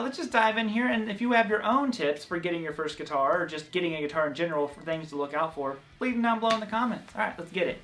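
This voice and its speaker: A man's voice: high-pitched, a bit bright. Chatty Southern man teaching guitar. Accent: Southern American. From American South. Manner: chatty, loose, full of fillers and restarts. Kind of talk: casual guitar lesson vlog.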